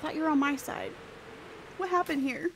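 A woman's voice: high-pitched, normal speed, noisy background. A woman live-streaming a game, chatting playfully with her viewers. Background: background music.

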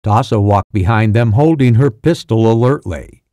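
A man reading an audiobook in a measured, deliberate narration. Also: lowish voice, warm tone, dry recording, clean studio sound.

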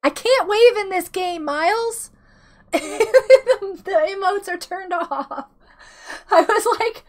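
A woman in her thirties, sick with a rough throat, chatting casually and giggling as she greets viewers during a game stream. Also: extremely high pitch, slow. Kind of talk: casual live-stream chat while gaming. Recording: faint music behind the voice.

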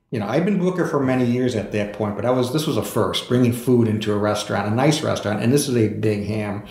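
A man with a low, gravelly voice spins anecdotes as a podcast guest, full of ums and small laughs. His voice bounces around a roomy, echoey space. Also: brisk, a little mellow. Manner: anecdotal, with fillers and chuckles. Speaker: author guest. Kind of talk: casual storytelling in a podcast interview. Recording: echoey room.

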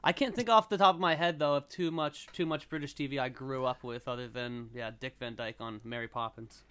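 A man's voice: medium pitch, fairly even intonation, brisk, sharp tone, clean tone. An American man co-hosting a comedy podcast, chatting in an easygoing, agreeable way with laughter. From United States. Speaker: podcast co-host. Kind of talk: casual comedy podcast chat.

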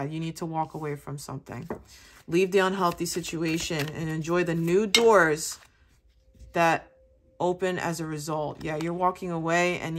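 Tarot reader, woman, low-pitched voice, casual and chatty delivery with a loose mouth. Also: slight background noise. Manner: chatty, casual, addresses viewers as baby. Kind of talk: casual spoken tarot reading.

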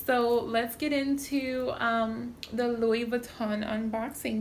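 Chatty, excitable young woman vlogger. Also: on the high side, measured pace, hardly any pauses, slight background noise. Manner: chatty and excitable, animated storytelling. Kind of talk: casual chat.

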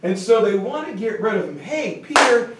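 A history teacher with a high voice gives a lively, joking classroom lecture. He sounds far from the mic, and the room adds heavy echo. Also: brisk. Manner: lively and joking, acts out quotes.

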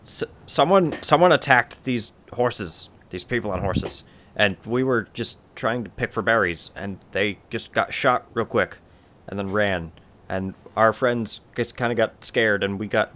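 A terrified little goblin stammers through his excuses, as a man voices him. He keeps tripping over his words and restarting, in a fairly low voice. It is tabletop game role-play. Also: moderate pace, fairly bright tone, natural voice. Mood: scared. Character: frightened small male goblin, stammering.

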